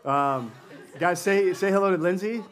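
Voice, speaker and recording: Playful high-voiced male pastor. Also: normal speed. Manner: playful, chatty, laughs often. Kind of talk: sermon with audience interaction. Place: church hall with congregation.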